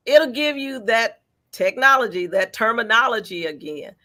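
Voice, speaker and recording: A woman, a featured artist, answering interview questions in a lively, encouraging way with everyday examples. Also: on the high side, moderate pace.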